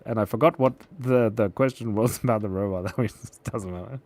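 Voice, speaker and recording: A man's voice: on the low side, normal speed, hardly any pauses, darkish tone. An Australian man hosting a drawing stream, chatting and cracking silly puns as he draws. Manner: jokey, punning. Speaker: drawing channel host. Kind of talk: live-stream chat while drawing.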